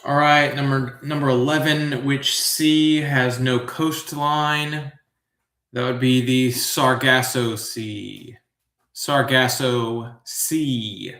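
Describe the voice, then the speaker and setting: A man with a mid-range voice hosts a live trivia show, reading the questions at an unhurried, drawn-out pace. He wanders into relaxed musing asides between answers. The sound is roomy and echoey. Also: medium pitch. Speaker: trivia host.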